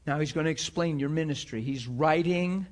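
Preacher guy, fairly high voice, gets emotional, acts out the bible scenes. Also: normal speed. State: near tears at times. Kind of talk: sermon.

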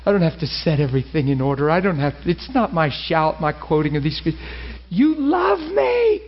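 A man preaching a sermon, telling a personal story and acting out the dialogue with lively feeling. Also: a little high, fast talker. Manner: animated, acts out dialogue, laughs and cries while telling. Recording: muffled lo-fi recording with faint hiss.

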